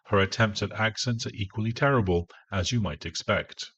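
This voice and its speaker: A man's voice: fairly low pitch, a little fast, a bit bright, slightly rough, no echo, highs cut off. A man reviewing an audiobook in a dry, sarcastic, scornful way. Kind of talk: spoken review.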